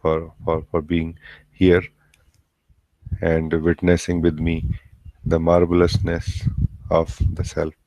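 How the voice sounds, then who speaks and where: Deep, even-voiced male spiritual teacher; slow, halting, gentle satsang delivery, dry video-call sound. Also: no room sound, low-quality recording. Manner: slow, gentle, halting, with many pauses and fillers. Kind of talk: satsang talk.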